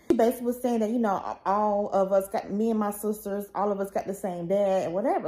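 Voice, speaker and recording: A woman's voice: mid-range voice, steady tone, brisk, hardly any pauses, mellow, rough recording. A woman vlogger recounting a painful personal story in a rambling, emotional way, full of fillers.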